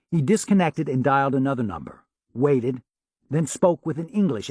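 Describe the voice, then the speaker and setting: Guy reading a novel out loud, slightly high voice, dry close mic. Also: very animated, normal speed, breathy edge, dry recording. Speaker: audiobook narrator. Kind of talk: scripted narration.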